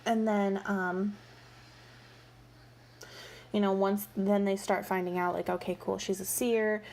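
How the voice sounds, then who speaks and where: Speaking slowly in a mid-range, darkish voice with little pitch movement, this woman retells a book series like gossip, full of "like" and "you know." It's a chatty book review delivered with exasperation by a reviewer.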